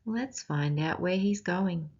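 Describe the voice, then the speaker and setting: A woman with an Australian accent reads a picture book aloud to children, teaching as she goes and pausing to ask them questions. She speaks slowly and expressively in a fairly low, breathy voice, and the recording is muffled.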